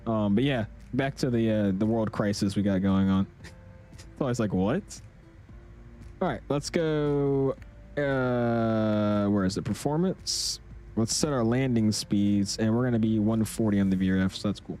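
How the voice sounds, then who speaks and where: Excitable young man streaming a flight sim. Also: lowish voice, moderate pace, faint music behind. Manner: excitable, rambling, slangy with lots of "dude" and "like". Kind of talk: casual livestream chat.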